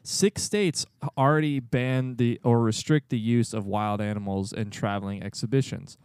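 Smooth-voiced man reading podcast notes. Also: mid-range voice, normal speed, no room sound. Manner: dry, deadpan joking between read-out facts. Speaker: podcast co-host. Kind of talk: casual podcast chat, reading researched notes.

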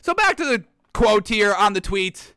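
A man hosting sports talk, ranting in a mocking, animated way and repeating himself for effect. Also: high-pitched, moderate pace, clean tone, dry recording, clean studio sound.

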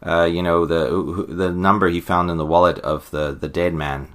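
A very deep-voiced man co-hosting a casual podcast, walking his partner through a comic's plot. He meanders and fills the gaps with "uh" and "you know," backtracking often. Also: flat delivery, normal speed, a bit bright. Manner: rambling, full of fillers and restarts. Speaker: podcast co-host. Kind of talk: casual comic recap chat.

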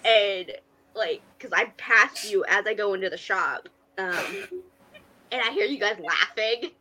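A woman's voice: medium pitch, animated, a little slow, bright, forceful tone, rough recording. A woman co-hosting a casual podcast chat, telling a story with lots of energy, acting out the dialogue and swearing freely. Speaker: podcast co-host.

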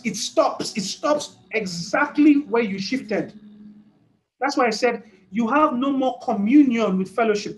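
Preaching with emphasis and repetition, this man restates every idea to drive it home, laughing often between points. His voice sits fairly high for a man, and the audio is poor.

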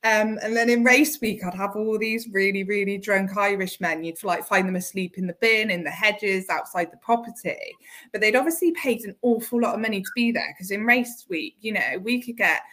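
A woman's voice: medium pitch, moderate pace, a bit bright. A woman, a property investor being interviewed, chatty and laughing often as she tells stories. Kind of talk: casual interview chat.

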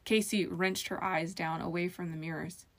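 A woman narrating a fantasy audiobook in an even storytelling manner. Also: on the low side, normal speed.

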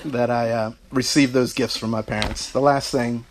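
Brief: middle-aged man, mid-pitched voice, tribute speech, storytelling with light laughter, faint background noise. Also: steady tone, normal speed. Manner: storytelling, warm asides, laughing through anecdotes. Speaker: son giving a speech. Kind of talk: heartfelt family tribute speech.

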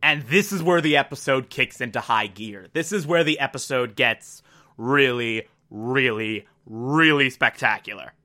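Excitable bright-voiced man recapping. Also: medium pitch, a little slow. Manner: enthusiastic, rambling, laughs at himself. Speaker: TV episode reviewer. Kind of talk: casual recap monologue. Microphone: desk mic.

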